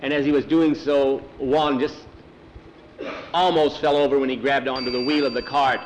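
Male storyteller, folksy unhurried narration, middle pitch, faint road noise behind. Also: flat delivery, low-quality recording. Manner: plain, unhurried folksy telling. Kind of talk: oral storytelling.

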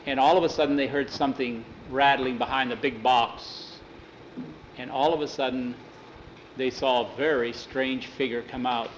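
A man's voice: medium pitch, fairly even intonation, normal speed, roomy sound, slight background noise, rough recording. A man telling a spooky story aloud, casually repeating "he says" between quotes. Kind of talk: oral storytelling.

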